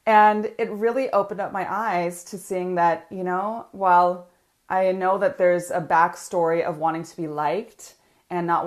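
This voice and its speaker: Animated woman coach, laughing often. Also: medium pitch. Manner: animated, laughs often, frequent filler words. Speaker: business coach teaching a training. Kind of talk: live online coaching training.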